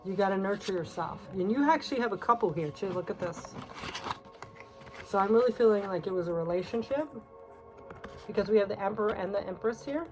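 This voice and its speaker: A woman gives a casual tarot reading, emotional and teary, on the verge of crying. She talks in a confiding way with frequent fillers and soft laughs. Her medium-pitched voice is expressive and a little fast, with music in the background and poor audio.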